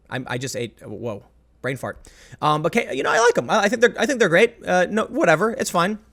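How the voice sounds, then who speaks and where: A man delivering a rambling, opinionated commentary monologue as host, often stopping and restarting his sentences. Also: sits high. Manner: rambling, self-interrupting, emphatic.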